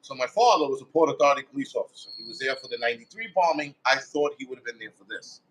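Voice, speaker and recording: A man's voice: mid-range voice, animated, very fast, a bit bright, slight background noise, low-quality recording. A man, a firefighter guest, telling a story in a blunt, casual way with heavy swearing, acting out his own quoted thoughts. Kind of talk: casual first-person storytelling.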